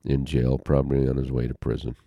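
An older man telling a personal story as an interview guest, halting and heartfelt, with pauses and restarts. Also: rumbling low, monotone, vocal fry, mellow, no room sound, lo-fi sound.

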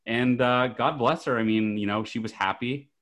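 A man's voice: medium pitch, normal speed, fairly bright tone. A middle-aged man co-hosting a podcast, chatting casually and laughing often while telling family anecdotes. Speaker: podcast co-host. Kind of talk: casual chat.

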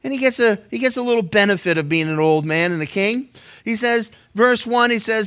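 A middle-aged pastor teaching scripture, his voice pitched high for a man and bright, almost sharp. He talks casually and cracks jokes, often tripping over his words and restarting as he goes. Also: expressive, brisk, clear, resonant tone. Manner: conversational and joking, with frequent stammered restarts. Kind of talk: verse-by-verse Bible teaching.

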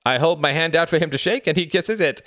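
A man's voice: fairly high pitch, fast talker, a bit bright, no room sound, studio quality, voice pushed up, close to an everyday voice. A man voicing a thin, cynical and jittery woman at a party, in a raised, brittle and affected voice.

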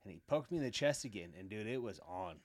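A middle-aged man, a podcast guest, telling rough stories in a blunt, boastful way with heavy swearing. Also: fairly low pitch, expressive, fast talker, dry recording. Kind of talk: casual storytelling.

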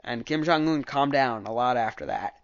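A political commentator with a mid-range voice gives a casual, opinionated recap of a debate at a moderate pace. He rambles and keeps correcting himself mid-sentence, and the audio sounds dull.

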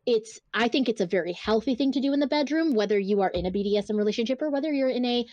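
A woman's voice: on the high side, expressive, very fast, darkish tone, no echo, highs cut off. A woman co-hosting a casual podcast, talking bluntly and swearing freely as she reads book excerpts aloud. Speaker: podcast co-host. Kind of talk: casual chat.

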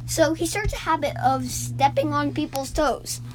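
A woman's voice: sits high, lively intonation, moderate pace. A woman improvising a story as a storyteller, rambling with many fillers and restarts.

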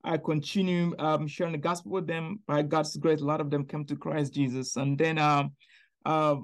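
A man from Niger, a podcast guest telling his personal faith story in an earnest, animated way. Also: fairly high pitch, normal speed. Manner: earnest, animated storyteller who acts out quoted voices.

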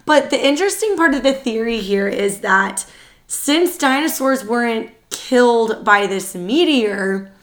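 Wanita podcaster yang suaranya lelah dan serak. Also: female voice, fairly high pitch. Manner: chatty, excitable, quick asides. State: tired, worn voice. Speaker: podcast co-host. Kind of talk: casual podcast chat.

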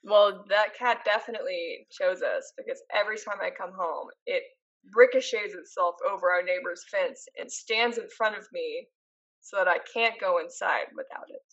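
A woman's voice: mid-range voice, moderate pace, a bit bright. A young woman co-hosting a casual podcast, laid-back with dry short replies. Her mid-range voice comes through a slightly dull, muffled mic. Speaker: podcast co-host. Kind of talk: casual chat.

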